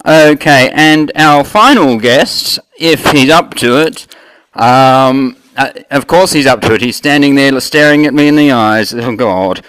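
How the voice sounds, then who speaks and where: A man's voice: medium pitch, unhurried, fairly bright tone, clear, resonant tone, dry recording, low-quality recording. Rambling Australian man hosting. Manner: rambling, full of fillers and trailing off. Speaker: host. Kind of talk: mock talk-show hosting.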